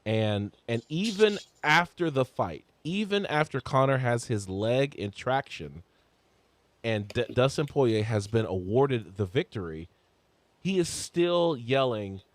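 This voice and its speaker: Excited podcast host with a dry voice. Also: male voice, unhurried, no room sound. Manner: restarts a lot, voice jumps high when excited. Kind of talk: casual sports chat.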